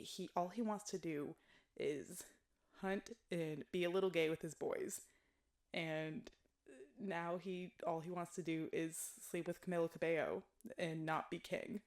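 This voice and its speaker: Woman, vlogger, casual chat, blunt, jokey, lowish voice. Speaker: YouTuber reviewing films.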